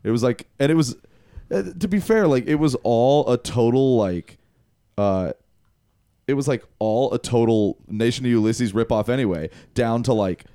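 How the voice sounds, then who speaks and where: Rambling man with a mellow voice. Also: medium pitch, animated, moderate pace, clear, resonant tone, no room sound, clean studio sound. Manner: rambling, laughing, lots of fillers. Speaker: podcast host. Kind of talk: casual chat.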